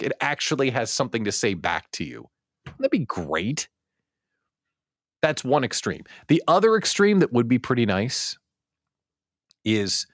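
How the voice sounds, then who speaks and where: A male host of a daily livestream talk show who speaks in an animated, joking way. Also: mid-range voice, dry recording, studio quality.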